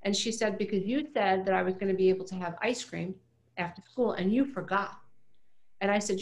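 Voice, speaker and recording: A woman's voice: mid-range voice, a little fast. Earnest emphatic woman guest. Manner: earnest, emphatic, repeats phrases. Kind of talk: casual interview talk.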